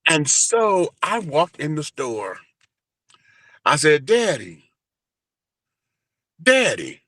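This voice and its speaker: Animated, profane storytelling man. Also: a little high, takes it slowly, no echo. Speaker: guest, entertainer and radio host. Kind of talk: storytelling in casual interview.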